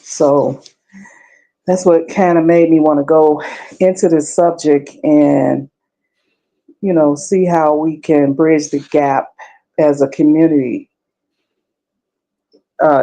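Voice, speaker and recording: Woman, guest, gravelly voice, mellow tone, conversational. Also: low voice, low-quality recording. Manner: conversational, explaining her research. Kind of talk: casual discussion.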